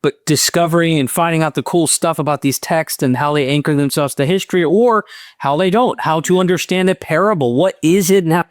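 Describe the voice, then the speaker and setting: A man hosting a podcast, asking long, deliberate questions in a conversation. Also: a little high, no room sound, clean studio sound. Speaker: podcast host. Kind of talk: interviewing in conversation. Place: indoors, in-person conversation.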